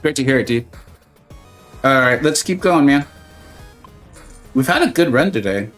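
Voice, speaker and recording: A man's voice: medium pitch, lively intonation, normal speed, a bit bright, faint music behind. A man chatting casually and joking with viewers while streaming a game, greeting them by name. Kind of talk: casual live-stream chat.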